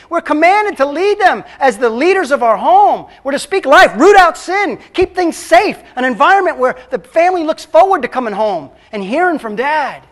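A man preaching a sermon as a pastor, emphatic and swinging between loud and hushed. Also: extremely high pitch.

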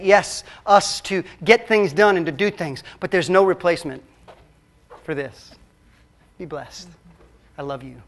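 A man preaching a sermon as a pastor, emphatic and swinging between loud and hushed. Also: high voice.

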